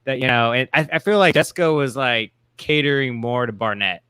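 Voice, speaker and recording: A man's voice: mid-range voice, fairly quick, fairly bright tone, clear, resonant tone, no room sound. A man co-hosting a casual TV recap chat, rambling with many fillers and restarts. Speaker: co-host.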